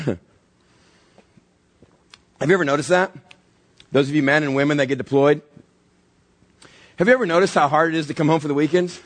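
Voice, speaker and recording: A middle-aged pastor delivers a lively sermon, jumping into acted-out voices as he tells his stories. His voice is husky and sits a little high for a man. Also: fairly quick, pauses often. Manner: animated storytelling with acted-out voices.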